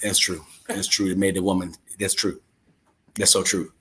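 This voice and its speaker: A man's voice: low voice, level tone, normal speed, a bit bright. A young man hosting a casual livestream, chatting with viewers in a loose, joking, slangy way. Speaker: livestream host.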